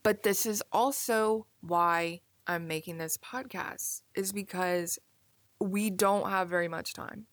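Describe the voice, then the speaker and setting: Young woman, podcast host, reflective casual musing, lowish voice, dry recording. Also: steady tone, slow, a bit bright, dry recording. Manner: casual, musing, filler-heavy with frequent "like". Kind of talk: reflective solo podcast monologue.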